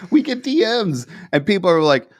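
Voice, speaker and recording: A man co-hosting a podcast in casual chat, animated and sarcastic, often acting out other people's lines. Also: sits high, moderate pace, no room sound. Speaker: podcast co-host.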